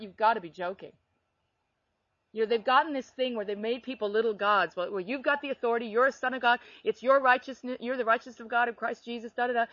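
A woman telling a personal faith story in animated, conversational storytelling, laughing now and then. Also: a little high, no echo, lo-fi sound. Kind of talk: faith testimony chat.

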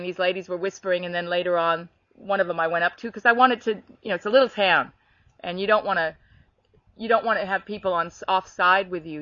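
A woman telling a personal faith story in animated, conversational storytelling, laughing now and then. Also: lowish voice, no echo, lo-fi sound. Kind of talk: faith testimony chat.

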